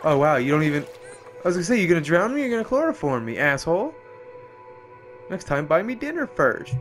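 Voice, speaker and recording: Excitable, profane young man gaming. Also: fairly high pitch, a little fast, faint music behind. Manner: profane, excitable, yelps and exclaims. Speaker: gameplay streamer. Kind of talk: let's play commentary.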